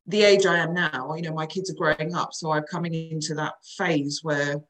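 A woman's voice: low voice, normal speed, poor audio. A woman, chatting frankly as a coach on a podcast. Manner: chatty, frank, lively storytelling. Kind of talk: casual podcast chat.

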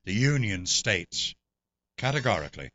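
A man's voice: on the low side, very animated, moderate pace, bright, forceful tone, lo-fi sound. An older English man, a guest actor, telling stories in an interview with theatrical asides. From England. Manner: expansive storyteller, theatrical asides. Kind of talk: anecdotal interview talk.

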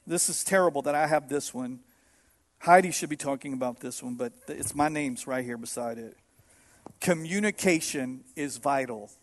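A man's voice: medium pitch, normal speed. A male pastor, preaching in a joking, playful way. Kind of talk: sermon. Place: church.

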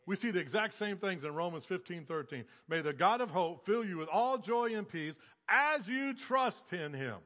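High, bright-voiced preaching pastor. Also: male voice, lively intonation, moderate pace, few pauses, big-room sound. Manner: emphatic preaching with repetition. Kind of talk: sermon.

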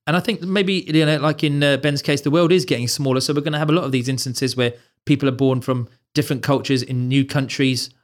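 Quick-talking teasing podcast co-host, a man. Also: medium pitch, steady tone. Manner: teasing, laughs often. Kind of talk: casual chat.

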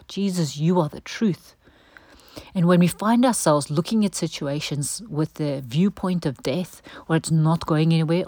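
A middle-aged woman giving an earnest devotional teaching, gentle in manner and dropping to a soft breathy hush at times. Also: low voice, dry recording. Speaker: Christian teacher.

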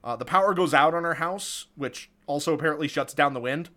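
Chatty man, a bit higher voice. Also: brisk, sharp tone. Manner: chatty, amused, laughs often. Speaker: podcast co-host recapping a film. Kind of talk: casual chat.

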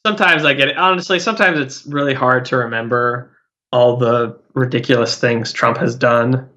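A man's voice: medium pitch, fairly even intonation, normal speed, pushed and bright, dull audio. A man talking politics in a loose, rambling way, full of "like" and "uh", often restarting his sentences. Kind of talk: casual political chat.

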